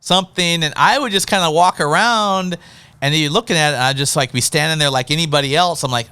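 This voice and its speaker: A male host in a casual interview chat who tells stories in an animated way, acting out little scenes as he goes. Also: a little high, fast talker, clean tone, no room sound. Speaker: podcast host.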